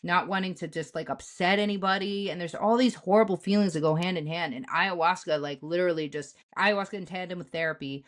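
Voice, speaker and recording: Talking quickly with hardly any pauses, her voice on the low side, a young woman co-host recounts a personal story on her podcast. She's blunt and profane, retelling events vividly and with animation in a candid chat.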